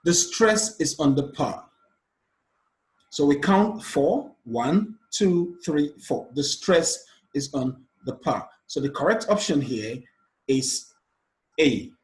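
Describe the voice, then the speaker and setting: A man's voice: fairly high pitch, expressive, takes it slowly. A man teaching an exam revision lesson on word stress, patiently counting syllables aloud step by step. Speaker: English teacher. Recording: echoey room.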